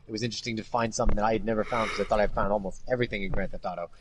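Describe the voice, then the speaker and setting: A man's voice: lowish voice, steady tone, rapid-fire, a little hiss or hum. Rambling, profane podcast host man. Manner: rambling, profane, heavy "like" filler. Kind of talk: casual chat.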